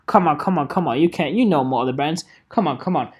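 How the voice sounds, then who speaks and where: A photographer vlogging in a casual rant, animated and profane, repeating phrases and laughing often. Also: medium pitch, a little fast, few pauses, husky. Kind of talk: casual ranting vlog.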